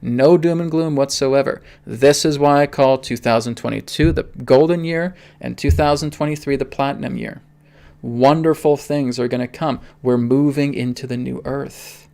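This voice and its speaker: A man's voice: mid-range voice, moderate pace, creaky, warm tone, clean tone. A man hosting a live spiritual stream, talking emphatically and tagging his points with "okay?". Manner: emphatic, repeats "okay?" often. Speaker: spiritual reader and host.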